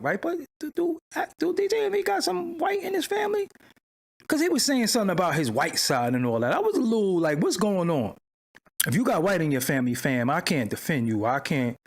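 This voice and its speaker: A man hosting a livestream in casual talk, loud and animated, swinging between excited exclaiming and low muttering. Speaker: livestream host. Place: home studio at his screen.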